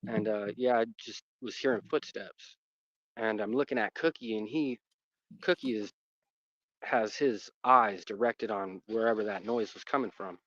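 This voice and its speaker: A man's voice: fairly low pitch, normal speed, a bit bright, dry recording. Man, casual rambling storyteller, dry, lo-fi sound. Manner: rambling, lots of fillers and restarts. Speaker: dog owner telling a personal story. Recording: muffled dry recording.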